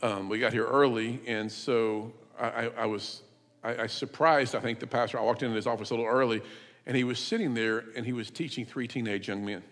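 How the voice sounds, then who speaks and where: A man preaching a sermon as a visiting speaker, telling stories and rising to loud, emphatic shouts. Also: medium pitch, fairly even intonation, brisk. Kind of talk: sermon with storytelling. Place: church sanctuary. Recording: long church reverb.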